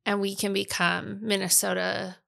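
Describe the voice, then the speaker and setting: A woman's voice: mid-range voice, flat delivery, moderate pace, creaky, bright, forceful tone. A middle-aged woman from Iowa, co-hosting a casual podcast chat, blunt and fired up, swearing freely. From Iowa, United States. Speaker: podcast co-host, bookstore owner.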